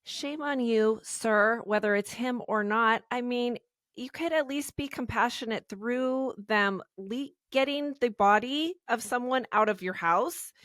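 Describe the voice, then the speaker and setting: Slightly high voiced lady cohost, casual, blunt takes, dry sound. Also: measured pace, fairly bright tone, dry recording. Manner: blunt, opinionated. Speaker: podcast co-host. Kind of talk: casual chat.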